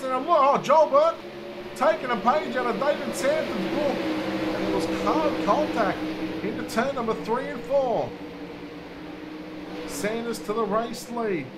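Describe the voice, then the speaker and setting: Male race caller, high-pitched, excitable, live commentary over loud engine and crowd noise. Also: a little slow. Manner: excitable play-by-play, voice rising with the action. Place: speedway commentary position.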